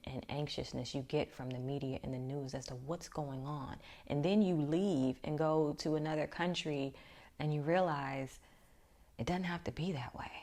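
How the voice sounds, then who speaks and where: A woman's voice: low-pitched, a little mellow. A woman vlogger telling a personal story in a reflective way, often dropping to a near-whisper.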